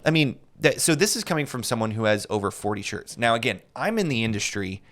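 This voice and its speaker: A man's voice: mid-range voice, sing-song, fast talker, a bit bright. A man co-hosting a menswear podcast, chatting casually with lots of fillers and restarts. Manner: rambling, many fillers and restarts. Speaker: podcast co-host; menswear salesman. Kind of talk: casual chat.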